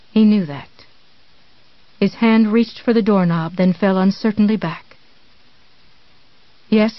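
A woman narrating a thriller novel in a measured, tense storytelling manner with dramatic pauses. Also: mid-range voice, no room sound. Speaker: audiobook narrator. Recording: dull, dry studio read.

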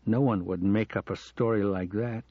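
A man voicing a middle-aged American professor who speaks in a quiet, earnest, confessional way. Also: on the low side, steady tone, moderate pace, no echo, lightly acted. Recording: dull lo-fi audio.

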